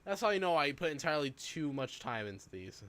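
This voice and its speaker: A man's voice: on the high side, sing-song, a little fast, a bit bright. A man streaming and chatting casually while reacting to videos, rambling loosely with hyped interjections.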